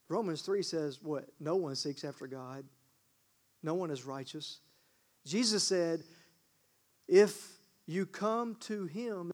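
High-voiced preacher with a drawl. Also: male voice. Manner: emphatic, asks the congregation questions. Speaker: pastor. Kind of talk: sermon.

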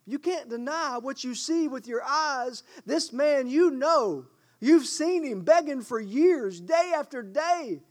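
A high-pitched man with a lilt preaches in an unhurried, deliberate way. He swings from booming, declaimed scripture to quiet, low asides. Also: expressive. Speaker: pastor. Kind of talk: sermon.

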